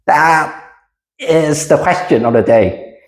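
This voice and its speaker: Slow, lively-pitched teacher in echoey room. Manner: slow, deliberate, with frequent hesitations; lively pitch, leading the class in repetition. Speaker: English teacher. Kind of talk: classroom micro lesson. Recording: roomy echo.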